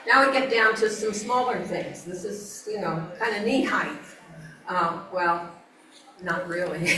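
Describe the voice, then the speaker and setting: A woman's voice: medium pitch, unhurried, pushed and bright. A woman giving an informal nature talk about plants, chatty, with frequent laughs and fillers. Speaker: garden speaker. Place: outdoor garden event. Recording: roomy, distant mic, faint ambience.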